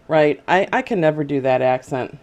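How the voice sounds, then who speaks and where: A woman's voice: deep voice, lively intonation, moderate pace, darkish tone, muffled recording. A woman hosting a casual video chat show, talking in a chatty, hesitant way with many fillers. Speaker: host.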